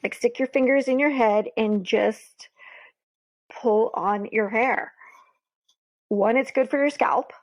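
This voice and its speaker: A woman's voice: fairly high pitch, slow, pauses often. A woman guest on a podcast, talking candidly and emotionally with many fillers. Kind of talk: casual conversation. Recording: dull lo-fi sound.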